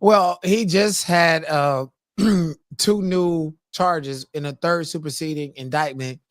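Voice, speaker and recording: A man's voice: fairly high pitch, slow pace, no room sound, studio quality. A man co-hosting a casual chat, explaining points in detail and arguing his view. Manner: explanatory, argumentative, legal jargon. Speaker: co-host.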